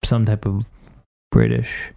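A man with a low, gravelly voice chats about improv with his co-host. He sounds hesitant, often restarting his sentences, and is quick to agree. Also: sing-song, darkish tone. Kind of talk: casual chat.

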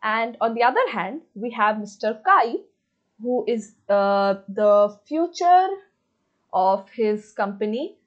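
Young female book vlogger, excitable and gushing, slightly high voice, muffled lo-fi recording. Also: slow pace. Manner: gushing, excitable, many fillers. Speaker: book reviewer. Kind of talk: casual book review vlog. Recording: slightly dull lo-fi audio.

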